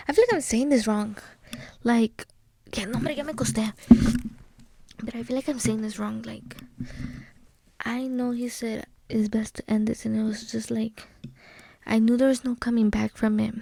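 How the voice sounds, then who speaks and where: A young woman's fairly high, gravelly voice stays steady at normal speed as she pauses often while hosting her solo podcast. She tells a personal story casually, mixing slang with Spanish phrases and frequently lowering to a soft whisper.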